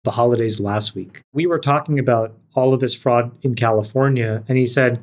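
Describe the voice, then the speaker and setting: A man co-hosting a podcast panel, making his points in an emphatic, measured way. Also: mid-range voice, steady tone. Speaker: podcast co-host. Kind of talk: casual panel chat.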